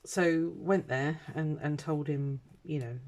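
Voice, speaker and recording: A middle-aged British woman chats casually and at a slow pace while vlogging from her home craft desk, rambling with many ums and uhs. Her voice sits low, darkish and steady.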